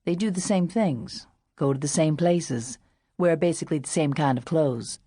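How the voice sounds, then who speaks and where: A woman's voice: low voice, moderate pace, slightly rough, no echo, studio quality. A woman voicing a nervous, proper young man. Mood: placating. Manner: hesitant, soft, apologetic.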